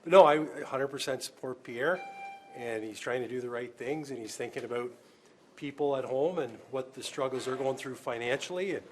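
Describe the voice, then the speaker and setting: Calm politician guy fielding reporter questions, pauses a lot. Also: medium pitch, slight background noise. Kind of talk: press scrum answers.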